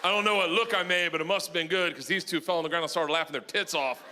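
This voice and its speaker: A middle-aged man doing a stand-up comedy set on a club stage, telling a rowdy story loudly and acting out other people in high voices. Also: fast, crowd noise. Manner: loud, rowdy storytelling, acts out his daughters in high voices. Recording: live club recording with room noise.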